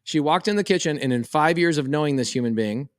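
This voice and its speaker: A man, telling a lively story on a podcast and acting out the voices. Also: on the high side, quick pace, dry recording, studio quality. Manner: animated, quotes voices in a story. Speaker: podcast co-host. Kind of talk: casual storytelling chat.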